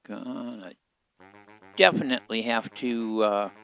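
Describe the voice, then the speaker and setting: A man giving relaxed, casual commentary as he plays a survival game, talking half to himself. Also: fairly low pitch, takes it slowly, vocal fry, smooth. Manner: relaxed, muttering to himself while playing. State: hiccups. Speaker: game streamer.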